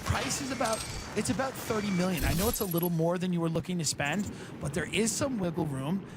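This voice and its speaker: A man voicing a smooth, pushy male realtor making an ingratiating sales pitch to a client. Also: expressive, a little fast, noisy background. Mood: salesy.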